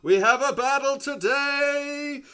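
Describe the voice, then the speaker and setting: A man voicing a showy male tiefling fight announcer who shouts loud and theatrical to a crowd. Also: very high voice, takes it slowly, voice pushed up, full character voice. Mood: booming.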